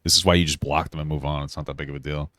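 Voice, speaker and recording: A man's voice: rumbling low, level tone, very fast, a bit bright, no room sound, clean studio sound. A man reacting live on a stream, laughing often and exclaiming in disbelief as he comments.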